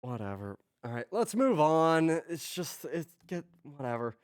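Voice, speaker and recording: A man's voice: fairly high pitch, very animated, a little slow, background noise. Man muttering to himself while working. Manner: muttering, self-talk, trailing off and restarting. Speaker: streamer writing music. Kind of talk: casual thinking aloud while working.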